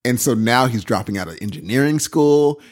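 Man, podcast co-host, very expressive pitch, acts out dialogue. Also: brisk. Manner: lively, quotes dialogue with rising pitch. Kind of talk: casual chat.

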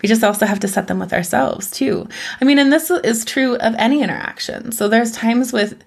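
Animated woman chatting about self-care. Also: a little high, brisk, vocal fry, husky. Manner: animated, acts out her own self-talk, laughs often. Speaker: podcast guest.

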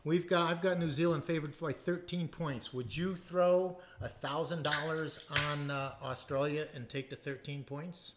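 A man hosting a casual panel chat, briskly setting out betting lines and teasing his co-hosts. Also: on the high side, fairly even intonation, background noise. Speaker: host.

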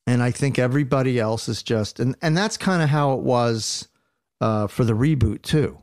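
Playful halting man from Philadelphia, dry sound. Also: mid-range voice, darkish tone, dry recording. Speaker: guest. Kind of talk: casual chat.

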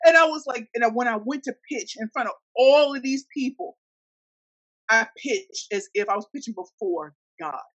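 A woman from St. Louis, Missouri, telling her business story in an interview, animated and acting out the voices of the people in it. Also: fairly high pitch, moderate pace, no room sound, rough recording. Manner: animated, acts out quoted voices. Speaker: guest entrepreneur.

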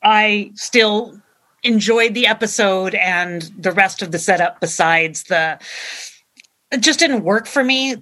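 A woman co-hosting a casual TV review chat, emphatic and quick to exclaim. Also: on the low side, fairly bright tone. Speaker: podcast co-host.

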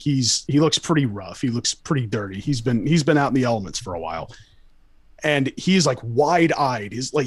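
A man's voice: mid-range voice, husky, no room sound. A young man telling a story casually to friends, rambling and profane, full of fillers and restarts. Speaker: storyteller guest.

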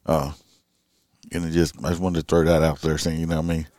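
A middle-aged man with a drawl talks through a late-night monologue in an extremely deep, low voice. He rambles and restarts, leaning on fillers as he goes. The recording is dry and close, with no room sound. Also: level tone, brisk, a little mellow, no echo. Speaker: police officer vlogger.

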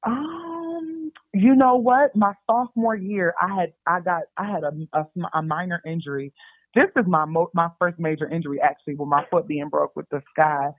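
A young woman, a basketball player and podcast guest, telling stories in a chatty, animated way and calling her listeners y'all. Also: on the low side, normal speed, no room sound. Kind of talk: casual storytelling. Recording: dry tinny phone-like sound.

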